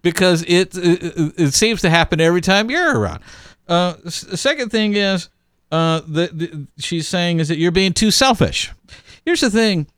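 A man's voice: high voice, expressive, moderate pace, a bit bright, clear, resonant tone, no echo, clean studio sound. A man co-hosting a podcast, giving emphatic advice in casual chat, with frequent restarts and fillers.

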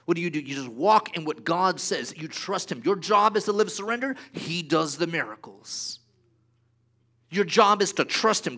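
A man delivering a sermon, his voice bright and forceful and pitched a little high. He swings from hushed, almost whispered lines to loud, ringing exclamations. Now and then he acts out little conversations in voices of their own. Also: lively intonation, unhurried. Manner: dynamic preaching, swinging between hushed asides and raised exclamations. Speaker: pastor.

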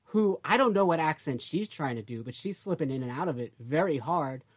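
A man's voice: on the high side, expressive, fairly quick. Chatty male podcast co-host. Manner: chatty, trails off, many fillers like "like". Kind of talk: casual chat.

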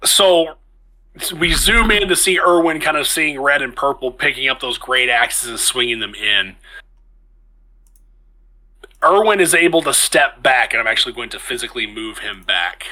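Bright-voiced male game master. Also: mid-range voice, lively intonation, normal speed, poor audio. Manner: casual, stops to correct himself mid-sentence. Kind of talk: narrating a tabletop game over a call.

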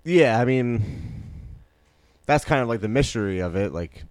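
A man co-hosting a podcast, speaking in a relaxed, measured way with some swearing. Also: medium pitch, no room sound. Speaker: podcast co-host. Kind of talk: casual chat about movies.

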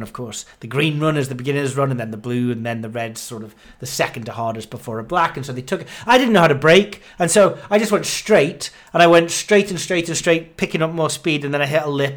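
A man in his thirties hosting a podcast, out of breath, rambling and grumbling with self-mocking humor. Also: mid-range voice. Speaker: podcast host. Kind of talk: casual monologue.

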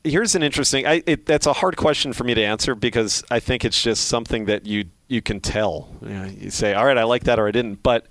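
A man's voice: mid-range voice, brisk, hardly any pauses, a bit bright, no echo. A middle-aged man from Philadelphia with a faint Philly accent, a sports play-by-play broadcaster talking reflectively in an interview, with many restarts and fillers. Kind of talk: casual interview talk.

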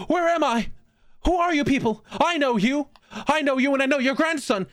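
Man playing a confused, frantic old lady patient. Shrill falsetto, repetitive, panicky, dry close mic. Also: normal speed, a bit bright, dry recording. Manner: shrill, panicky, repeating herself.

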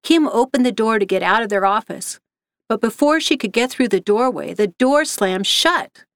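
A woman reading a scripted story aloud in an even, measured way. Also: fairly high pitch, no room sound, clean studio sound. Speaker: narrator.

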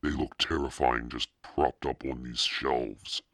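A man voicing a frightened, stubborn young girl who speaks in a shrill, breathless way. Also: steady tone, unhurried, a bit bright, dry recording, clean studio sound, exaggerated voice. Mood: scared, shrill.

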